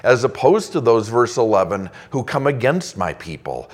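A man's voice: mid-range voice, sing-song, moderate pace, few pauses, breathy edge. A male pastor preaching a sermon, reading scripture aloud in an emphatic, conversational way.

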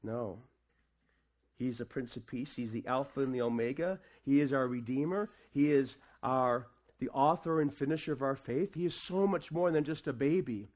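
A man preaching a sermon to his congregation, asking them questions and swinging between quiet, casual asides and raised proclamation. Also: mid-range voice, moderate pace. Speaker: pastor.

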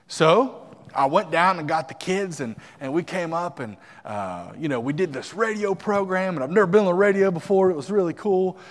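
A man, a missionary, telling a personal story to a congregation, animated and quoting others as he goes. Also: high voice, moderate pace, long reverb tail. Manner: animated testimony, quotes others in voices. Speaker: missionary speaker. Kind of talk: sermon storytelling.

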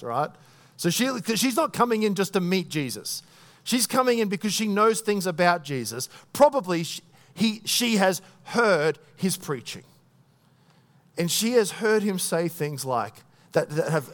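Animated male preacher, fairly high voice. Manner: animated storytelling, voicing inner thoughts, dropping soft at moving moments. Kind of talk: sermon.

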